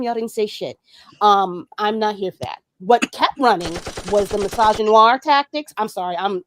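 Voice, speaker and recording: A woman guest on a podcast, ranting in a heated, profane and emphatic way during a casual talk. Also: medium pitch.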